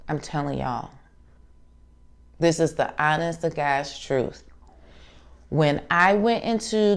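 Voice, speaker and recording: A woman's voice: lowish voice, creaky, smooth. A woman, telling a personal story casually and earnestly, acting out remembered dialogue on her craft channel. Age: 40s.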